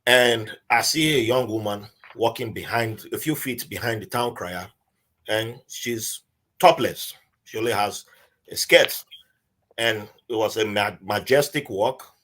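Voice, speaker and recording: A man with a Nigerian accent and a lowish, unhurried voice is a guest on a podcast. Chatting casually, he tells a story with animation and acts out the voices of the people he quotes.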